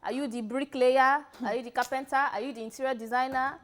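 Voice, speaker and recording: A young Nigerian woman on a TV talk show, her voice pitched a little high. She speaks earnestly and thoughtfully, pausing on "um" and "you know" as she reflects. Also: fairly even intonation. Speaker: TV show co-host. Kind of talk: casual studio chat.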